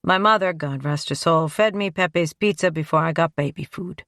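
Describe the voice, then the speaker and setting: A woman voicing a hearty, animated male Italian-American detective in an audiobook. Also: low voice, moderate pace, dry recording, clean studio sound. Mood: jovial.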